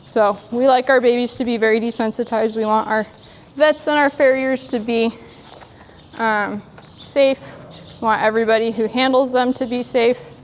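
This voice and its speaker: A woman horse trainer in a sandy arena, calmly explaining while she works a young horse and talks to it. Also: on the high side, normal speed, a little hiss or hum. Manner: calm, plainspoken, talks to the horse in between. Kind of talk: training demonstration.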